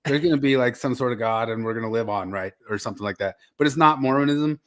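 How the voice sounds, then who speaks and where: A man's voice: medium pitch, quick pace. A man co-hosting a podcast, chatting casually with laid-back storytelling and frequent laughter. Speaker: podcast co-host. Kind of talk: casual chat.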